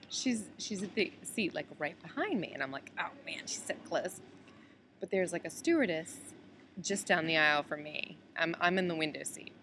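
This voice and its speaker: A woman's voice: fairly low pitch, expressive, normal speed, pushed and bright, slight background noise. A woman from the United States recording a casual video message to a friend from an airport layover, chatty and full of "like" and "um". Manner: chatty, heavy use of "like" and "um". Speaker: traveler on a layover.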